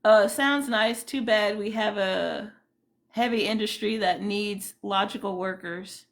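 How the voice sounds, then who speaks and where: A woman's voice: mid-range voice, measured pace. A woman hosting a casual livestream, chatting loosely and greeting viewers by name. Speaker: livestream host.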